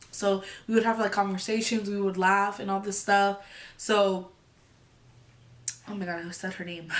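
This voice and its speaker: A woman's voice: medium pitch, fairly bright tone. Young woman, casual storytime vlogger, rambling and chatty, acts out quotes. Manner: chatty, full of fillers like "like" and "you know".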